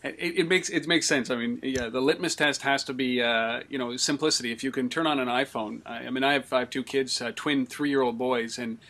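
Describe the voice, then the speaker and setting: Quick-talking man hosting a casual interview, mid-pitched, affirming. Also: fairly even intonation, sharp tone.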